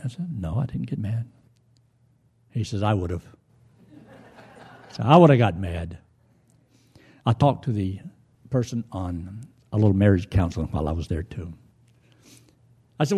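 Older pastor telling folksy stories. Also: male voice, fairly low pitch, lively intonation, normal speed, long pauses, mellow, slightly rough. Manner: folksy, retells conversations in his own voice, with restarts. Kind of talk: sermon with storytelling.

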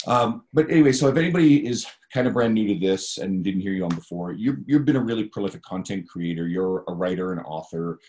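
A man's voice: low-pitched, animated, quick pace, few pauses, darkish tone. A man hosting a podcast in casual, chatty talk with plenty of fillers. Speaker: podcast host.

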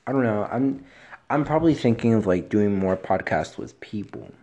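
A man hosting a casual solo podcast, with a soft, low voice and a rambling, profane, laid-back way of talking. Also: expressive, moderate pace, a little hiss or hum. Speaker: podcast host.

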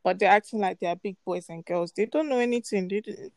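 A woman's voice: mid-range voice, fairly quick, a little mellow, no echo. A young woman co-hosting a podcast, talking bluntly and swearing with exasperation. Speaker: podcast co-host. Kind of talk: casual chat.

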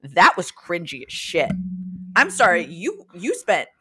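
Animated young woman co-hosting a chat. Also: on the low side, a little slow, a little hiss or hum. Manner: animated, laughs often. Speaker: podcast co-host. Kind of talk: casual chat.

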